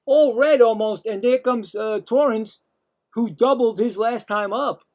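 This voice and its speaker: A man calling live play-by-play as a stream host, excitable, ranting at calls and talking straight to his viewers. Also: very high-pitched, unhurried.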